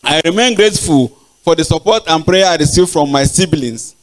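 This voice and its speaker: A man's voice: fairly high pitch, animated. Older Nigerian man giving thanks. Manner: halting, with pauses and repeated words. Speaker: professor giving lecture. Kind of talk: acknowledgements in a formal lecture. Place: large auditorium.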